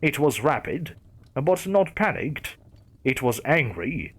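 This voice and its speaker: A male narrator telling a horror story in a dramatic, measured reading. His voice is husky and moves with lively pitch.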